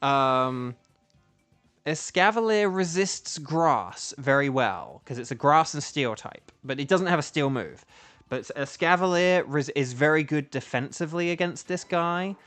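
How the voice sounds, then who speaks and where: Chatty man streaming a game, fairly high voice. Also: animated, a little slow, a bit bright, clean tone, soft background music. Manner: rambling, chatty, lots of fillers. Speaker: streamer and voice actor. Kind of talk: casual gaming livestream chat.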